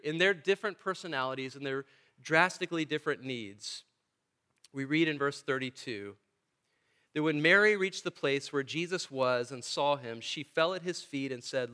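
Male pastor, sermon delivery, emphatic with repeated phrases; voice sits a bit high and bright. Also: normal speed, smooth.

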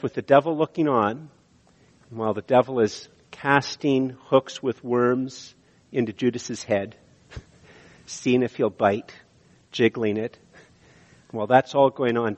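A man preaching a sermon in earnest, slowing down to stress key words, in a church sanctuary. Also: mid-range voice, fairly even intonation. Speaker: pastor. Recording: dull audio with long hall reverb.

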